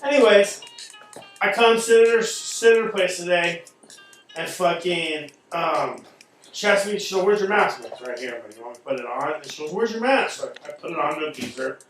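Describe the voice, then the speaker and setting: A man talking in a casual chat, animated and swearing often, acting out quoted people as he rants. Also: a little high, a little fast, very echoey, recorded from a distance, faint music behind, poor audio. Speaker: podcast host.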